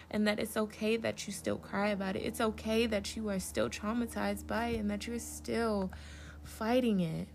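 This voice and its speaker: A woman in her twenties hosting a personal solo podcast, speaking heartfelt encouragement directly to the listener and getting a little emotional. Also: mid-range voice. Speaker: podcast host. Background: plane passing.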